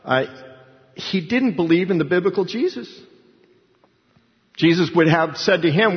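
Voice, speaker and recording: A man's voice: high voice, lively intonation, measured pace, long pauses. A man preaching a sermon in an emphatic, conversational storytelling way. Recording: dull sound with long hall reverb.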